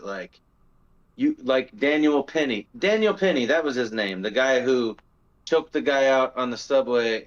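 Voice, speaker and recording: A man of middle pitch talks through a podcast discussion, rambling and circling back with fillers and restarts. His voice comes through slightly dull and lo-fi, in casual chat as a co-host. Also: fairly bright tone.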